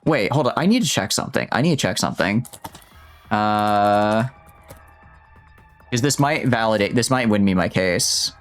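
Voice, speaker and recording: A man streaming a video game live, joking with his chat in an animated, rambling way and often stammering and restarting his sentences. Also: on the low side, normal speed, pauses often. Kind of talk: live gameplay commentary. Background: faint game music.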